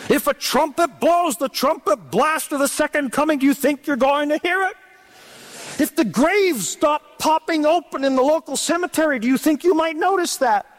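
A middle-aged man preaching a sermon, dramatic and animated, drawing out key words in a sing-song way. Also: very high voice, moderate pace.

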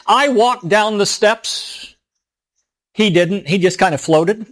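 A man's voice: sits high, slow, fairly bright tone. A middle-aged man, a pastor, telling a story in a sermon in an earnest, emotional way.

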